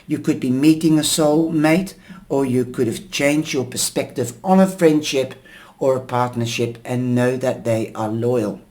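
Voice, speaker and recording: A man with a mid-pitched, hoarse voice giving a tea leaf and tarot reading. He talks very slowly, with frequent pauses and fillers as he explains each symbol. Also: a little mellow. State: losing his voice, coughing. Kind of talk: slow reading of tea leaves.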